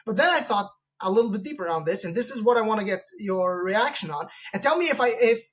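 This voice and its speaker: A man's voice: sits high, lively intonation, quick pace, fairly bright tone. A man hosting a podcast interview who delivers a long opinionated argument, rambling with frequent restarts and acting out quoted voices. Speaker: podcast host. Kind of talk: opinionated conversational monologue.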